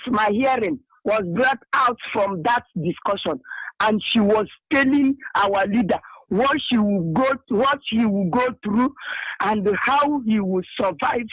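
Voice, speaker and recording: High-voiced Nigerian man recounting a vision. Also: a bit bright, dry recording, rough recording. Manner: repetitive, emotional, halting testimony.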